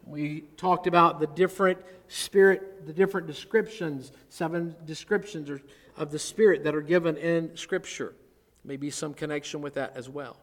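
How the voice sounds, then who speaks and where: A male pastor preaching an expository sermon, earnest, swelling on key words and dropping low at the ends of phrases. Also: steady tone, normal speed. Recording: long hall reverb.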